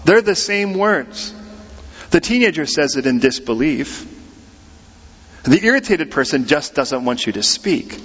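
A middle-aged American man preaching a sermon in a church, lively and conversational, acting out little quotes as he goes. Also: on the high side, a little slow, pauses often, slightly rough. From United States. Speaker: pastor. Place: church sanctuary. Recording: muffled sound in a large reverberant hall.

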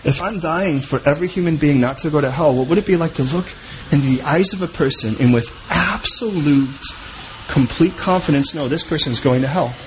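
A man's voice: fairly high pitch, brisk, a little hiss or hum, rough recording. A man preaching a sermon as pastor, in a conversational way and often repeating and restarting his words.

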